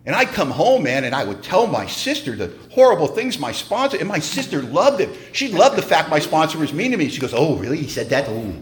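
Lively, emphatic man telling his story. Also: on the high side, brisk, hardly any pauses, a little hiss or hum. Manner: conversational storyteller, often says "man"; humorous, emphatic. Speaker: recovery meeting speaker. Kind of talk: personal testimony talk.

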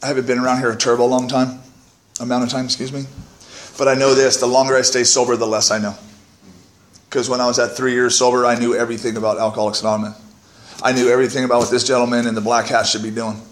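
A man's voice: mid-range voice, little pitch movement, fast, echoey room, slight background noise. Candid, profane man speaking at a meeting. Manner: candid, self-mocking, profane, keeps asking "right?". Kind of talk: personal testimony to a meeting. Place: meeting room. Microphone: podium microphone.

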